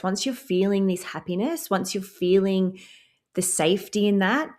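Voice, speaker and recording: A woman hosting a spiritual self-help podcast, talking earnestly and slowing down to repeat calm affirmations and guide breathing. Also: lowish voice. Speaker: podcast host.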